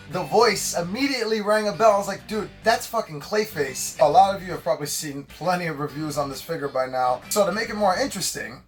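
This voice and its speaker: A man hosting a toy review in casual chat, excitable and jokey, swearing freely. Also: on the high side. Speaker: host.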